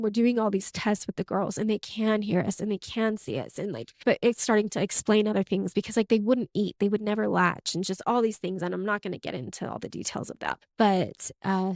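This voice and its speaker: In a studio-quality recording with no room sound, a young adult woman podcast host shares her personal story. She's candid and emotional, leaning on "like" often, and her mid-range voice has a darkish tone.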